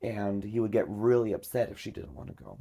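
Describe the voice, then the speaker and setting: A podcast host spins a long story in a relaxed, chatty way. His voice sits a little on the low side, and he peppers his speech with filler words. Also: fairly quick, gravelly. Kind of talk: casual storytelling chat.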